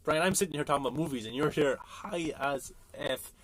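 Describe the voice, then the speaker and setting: A man's voice: a little high, brisk, fairly bright tone. Chatty Irish man on a livestream. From Ireland. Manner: rambling, chatty, jokey. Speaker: livestream host. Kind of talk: casual chat reading viewer comments. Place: home at night. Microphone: phone.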